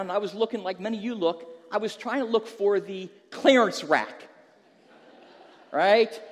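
A man's voice: high voice, in a large hall. A male pastor preaching a sermon, telling a humorous story and then pressing an emphatic question to the listeners.

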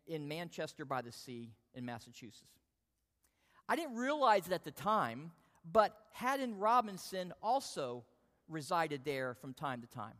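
High-voiced preacher telling a story. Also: male voice. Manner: storytelling, animated, self-deprecating. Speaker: pastor. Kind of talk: sermon with personal story. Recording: long hall reverb.

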